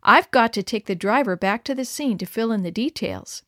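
A woman's voice: on the high side, animated, moderate pace, a bit bright, dry recording, clean studio sound. A woman reading a story, voicing a plain-spoken, folksy sheriff. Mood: businesslike. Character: kindly small-town sheriff, grown man.

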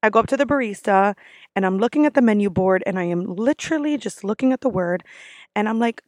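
A woman's voice: mid-range voice, lively intonation, quick pace, darkish tone, no echo, studio quality. A woman who works as a restaurant server, ranting in a casual vlog, blunt and sassy with lots of swearing.

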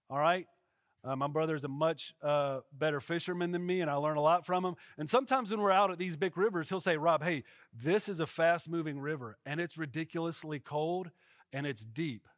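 A man's voice: fairly high pitch, a bit bright, no echo, studio quality. A male pastor gives a casual, conversational sermon and often checks in with his listeners.

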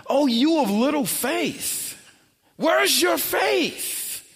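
A man voicing Jesus as calm and unhurried, speaking softly and low with quiet authority. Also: breathy edge, exaggerated voice. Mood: calm reproachful. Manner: soft, low and hushed. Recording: long hall reverb.

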